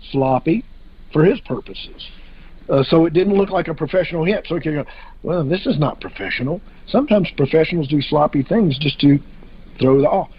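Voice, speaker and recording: A man's voice: fairly high pitch, husky, dull audio. A man in a casual podcast discussion, talking hesitantly with many fillers and restarts.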